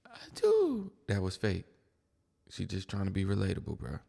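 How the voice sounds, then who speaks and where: A man's voice: sits low, fairly even intonation, brisk, vocal fry, darkish tone, long reverb tail. A man hosting a reaction video, giving blunt, mocking casual commentary on clips. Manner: blunt, mocking, keeps saying "bro".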